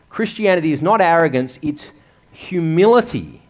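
A man preaching to a church congregation in an earnest, conversational way, posing questions and answering them himself. His voice sits a little high and swings widely in pitch. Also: animated, normal speed. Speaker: pastor. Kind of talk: sermon.

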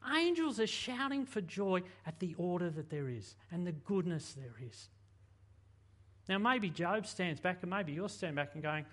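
A man preaching a sermon in an animated, conversational way, full of rhetorical questions. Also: sits high, normal speed. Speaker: pastor.

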